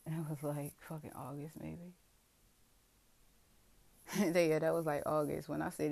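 Woman vlogger, low flat delivery, rambling and profane confessional. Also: a little slow, gravelly, no echo. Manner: rambling, profane, self-questioning. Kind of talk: candid confessional monologue.

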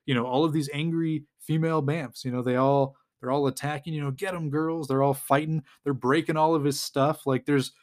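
A man's voice: on the high side, fairly even intonation, brisk, few pauses. A man who hosts a podcast, casually recapping a comic book in a rambling way, chuckling and acting out the dialogue.

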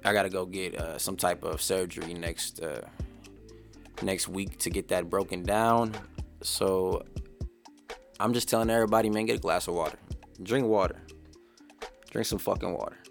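A man's voice: low voice, steady tone, normal speed, gravelly, soft background music. A young adult man hosting his own podcast, telling a story in a casual, profane, slang-heavy ramble. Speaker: podcast host. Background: faint background beat.

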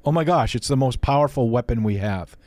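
A man's voice: mid-range voice, a little fast, a little mellow, no echo. A man hosting a faith interview show, talking earnestly and often restarting his sentences. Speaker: podcast host.

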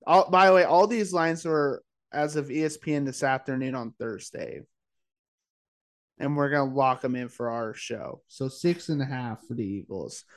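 A tired man co-hosting a casual sports-betting chat late at night, full of "like" and "uh" as he rattles off his picks. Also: medium pitch. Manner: chatty, says "like" and "uh" often, fires off quick picks. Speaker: podcast co-host.

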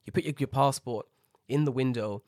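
A man telling an animated, heavily sworn rant about an airport in a casual chat, acting out the people he met. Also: mid-range voice, brisk, no echo, studio quality. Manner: animated ranting, swears a lot, acts out people.

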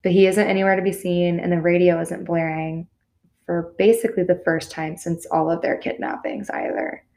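On her podcast, a woman with a lowish, gently mellow voice recounts a true crime case at normal speed in a flat delivery. Her telling is relaxed, sprinkled with filler words and now and then a curse.

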